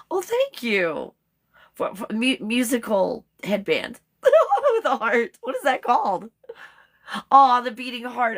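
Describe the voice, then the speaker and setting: A woman's voice: mid-range voice, fairly bright tone. A woman hosting a casual live stream, chatting with viewers, reading their comments aloud, laughing often and spelling out some words letter by letter.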